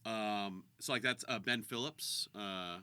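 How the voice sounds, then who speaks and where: A man's voice: fairly low pitch, unhurried, bright, forceful tone, a little hiss or hum. A man co-hosting a podcast and chatting casually, telling stories with quoted voices. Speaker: podcast co-host, voice actor and director. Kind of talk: casual chat.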